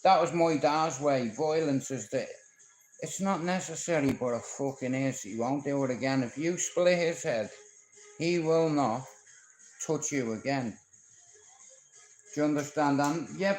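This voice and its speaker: A man's voice: on the high side, unhurried, a little mellow, echoey room, soft background music, rough recording. A man from Ireland with a Dublin accent, talking on a livestream in a rambling, profane, confrontational way as he tells stories from his life. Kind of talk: rambling live-stream monologue.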